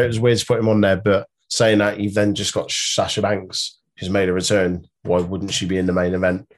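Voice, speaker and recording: Lower-voiced male co-host, sardonic and fed up, casual chat. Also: level tone, brisk, few pauses. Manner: exasperated, sarcastic, swears. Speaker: podcast co-host.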